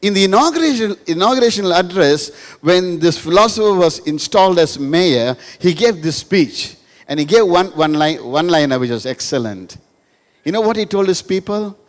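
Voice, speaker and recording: A man's voice: high-pitched, expressive, moderate pace. A male pastor, giving a humorous sermon to a live audience in a school hall, telling stories and repeating lines for emphasis. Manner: storytelling with jokes, emphatic repetition. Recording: reverberant hall.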